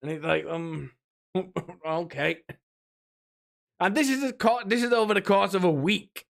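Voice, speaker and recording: A man's voice: high-pitched, unhurried, creaky. A man streaming, rambling and mocking in a casual rant, often laughing between remarks. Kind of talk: casual ranting commentary.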